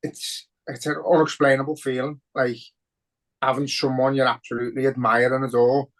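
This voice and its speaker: A man's voice: mid-range voice, level tone, normal speed, fairly bright tone, rough recording. Sweary emotional Liverpool man. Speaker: podcast co-host. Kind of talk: casual podcast chat.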